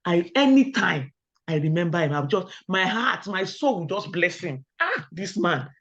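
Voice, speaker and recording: A middle-aged Nigerian woman giving a webinar talk, firing rhetorical questions at the audience and telling lively personal stories. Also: fairly low pitch, moderate pace. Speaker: academic webinar speaker. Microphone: video call. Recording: dull lo-fi online call audio.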